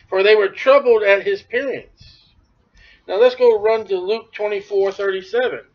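A man preaching a sermon, talking animatedly and acting out the voices of biblical figures. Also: high voice. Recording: dull lo-fi recording.

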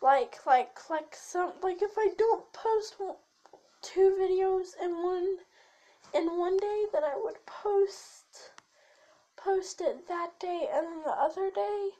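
Teen girl vlogging, very high-pitched, slow unhurried talk, rambling, lots of fillers, voice keeps shifting. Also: mellow, rough recording. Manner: rambling, sidetracked, shifts her voice back and forth; hesitant with many fillers and restarts. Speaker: channel host. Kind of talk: casual chat to camera.

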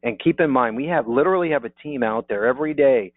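A man's voice: medium pitch, quick pace, no room sound. A man giving an upbeat sales presentation on a webinar, checking in with his audience with repeated "okay?" asides. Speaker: insurance marketing presenter. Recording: dry, phone-like narrow audio.

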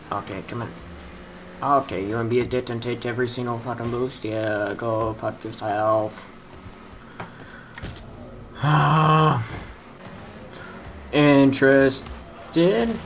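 A man's voice: medium pitch, bright, forceful tone, slight background noise, rough recording. A young man commenting on his own gameplay, frustrated, muttering and swearing at his opponents. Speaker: gaming youtuber.

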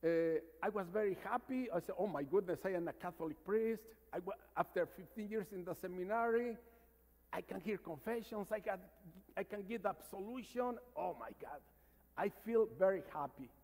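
Mexican priest preaching in a reverberant church. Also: male voice, high voice, normal speed. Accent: Mexican Spanish. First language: Spanish. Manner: storytelling, calls for amens, drops to a hushed voice. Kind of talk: sermon. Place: large church.

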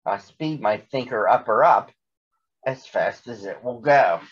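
A man voicing a young, ambitious female cat in a storybook, speaking her lines with excitement. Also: mid-range voice, a little slow, husky, highs cut off. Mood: eager.

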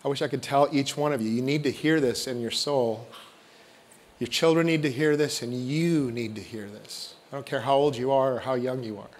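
A man preaching a sermon as pastor, swinging from loud emphatic lines to hushed, intimate ones. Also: medium pitch, moderate pace. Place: church sanctuary. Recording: long church reverb.

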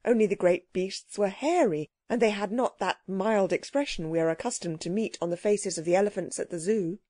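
A woman narrates a children's audiobook with clear, gently expressive storytelling. Her voice is warm and mellow, recorded dry and close. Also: medium pitch, a little fast, no echo.

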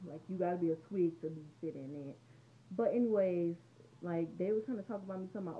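A woman's voice: on the low side, quick pace. A teenage girl rambling through a casual storytime vlog at home, chatty and conversational. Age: teens. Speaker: vlogger. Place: room at home. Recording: dull lo-fi home recording.

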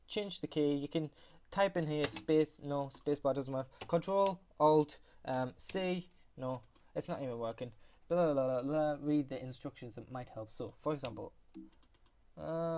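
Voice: mid-range voice, a little mellow. A speaker hosting a casual computer tutorial, rambling, often correcting themselves and apologizing, on a USB computer microphone. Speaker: tutorial host. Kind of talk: casual screen-recorded tutorial.

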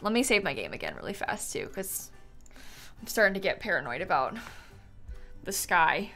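A woman's voice: medium pitch, sing-song, brisk, bright, forceful tone, soft background music. A woman chatting casually on a live stream, touring viewers' game builds, bubbly and chatty with lots of "like"s, a bit sleepy and yawning.

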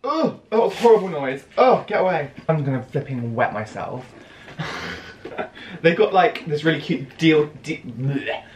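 An excitable young British man unboxing a clothing haul, his pitch swinging wildly between gasps and exclamations. He is recorded in an echoey room with clear noise behind him. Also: moderate pace, hardly any pauses. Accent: British English. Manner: excitable and exclamatory, gasping and laughing often. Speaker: fashion vlogger.

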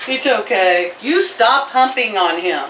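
A woman's voice: mid-range voice, animated, a little slow, fairly bright tone. A middle-aged woman chatting to viewers and her pets in a rambling home vlog, filmed on a camera mic. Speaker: vlogger. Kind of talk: casual home vlog chat. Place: home, indoors and out by the chicken pen. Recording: roomy, from a distance, faint background noise.

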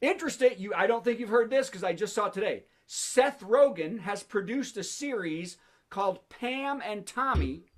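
A man's voice: extremely high pitch, a bit bright. Jokey man hosting a virtual comedy show. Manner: jokey, laughs at his own jokes, chats with the audience. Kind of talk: stand-up monologue on a video call. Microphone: video call.

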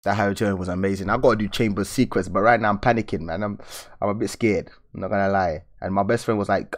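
A man's voice: lowish voice, fairly even intonation, quick pace, few pauses. A young man hosting a live drawing stream, chatting casually and slangily to his viewers and laughing often. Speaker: art channel host.

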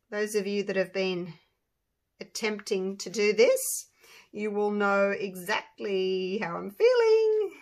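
A woman who runs a resin craft channel, chatting to viewers in an excitable, gushing way while she works. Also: mid-range voice. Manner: excitable, gushing, talks to viewers as you guys. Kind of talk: casual chat while crafting.

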